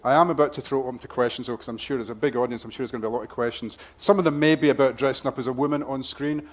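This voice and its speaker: A man's voice: mid-range voice, fairly even intonation, racing. A man chairing a live author event on stage, chatty and teasing as he steers the talk toward questions. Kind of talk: hosting a live onstage interview. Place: festival stage.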